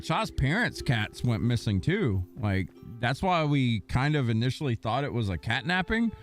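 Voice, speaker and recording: A man streaming a game, chatting casually and telling a long story in a rambling way, swearing now and then. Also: mid-range voice. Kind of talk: casual chat while gaming.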